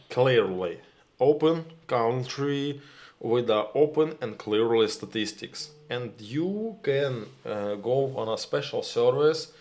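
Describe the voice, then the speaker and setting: Slow, halting Ukrainian-accented man. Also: mid-range voice, darkish tone. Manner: halting, searching for words, addresses viewers as "my dears". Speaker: live stream host. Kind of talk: live stream chat reading comments.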